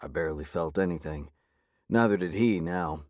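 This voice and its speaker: A man reading a first-person audiobook in a measured, gritty way. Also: deep voice, no room sound, studio quality. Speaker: audiobook narrator.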